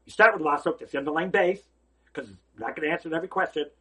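Fast and animated, a rabbi with a slightly high, breathy-edged voice teaches a holiday Torah lesson. He's emphatic in a preacher's way, posing rhetorical questions and swinging from loud exclamations to soft asides.

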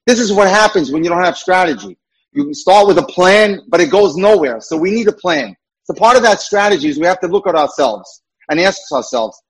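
A man's voice: high voice, expressive, normal speed, husky, poor audio. A man giving a lecture-style talk as a dating mentor, earnest and emphatic, repeating his key points.

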